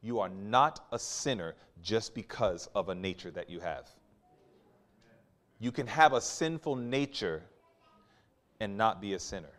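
A man preaching a sermon, questioning the congregation, reading scripture slowly and forcefully, and swinging between quiet asides and loud climaxes. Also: fairly low pitch, lively intonation. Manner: questions the congregation and waits for replies.

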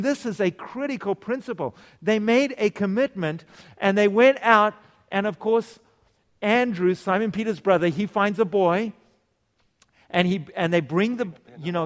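A man preaching a sermon, questioning the congregation and acting out the voices of the people in his stories. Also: sits high. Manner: animated, acts out quoted voices, asks the congregation questions. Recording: long hall reverb.

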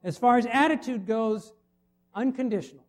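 A man's voice: extremely high pitch, normal speed. A middle-aged man preaching a sermon, conversational and full of rhetorical questions to the congregation. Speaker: pastor.

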